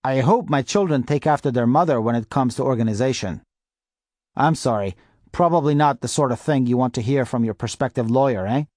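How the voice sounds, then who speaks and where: A man's voice: medium pitch, a little fast, darkish tone, no room sound, clean studio sound, lightly acted. A man voicing a chubby, affable middle-aged male lawyer in an audiobook, chatty and full of apologies, a little wheezy. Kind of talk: audiobook character voice.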